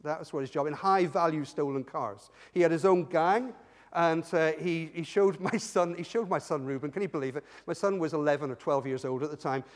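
A man preaching a sermon in church, animated storytelling that swings from loud to hushed. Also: fairly high pitch, a little fast. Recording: long hall reverb.

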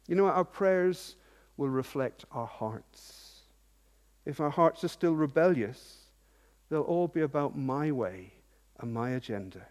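A man's voice: on the high side, expressive, takes it slowly, a little mellow. A man preaching a sermon in earnest, asking many rhetorical questions and repeating words as he goes. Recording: long reverb of a large hall.

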